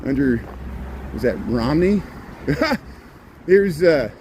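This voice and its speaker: A man's voice: on the high side, animated, drawn-out words. A man giving rambling, casual commentary as he walks city streets and livestreams, with sarcastic asides. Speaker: walking-tour livestreamer. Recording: street noise and passing traffic.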